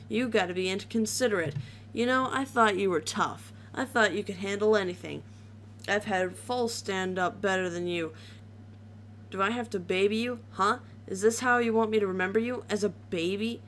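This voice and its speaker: A woman voicing a cheerful but sadistic female pony who talks fast and scolds with chirpy menace. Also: medium pitch, fairly bright tone, a little hiss or hum, lightly acted. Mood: scolding.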